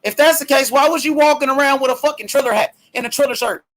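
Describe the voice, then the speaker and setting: Very high-voiced man talking trash. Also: fast. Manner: loud, profane trash talk. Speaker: host. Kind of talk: casual boxing talk stream.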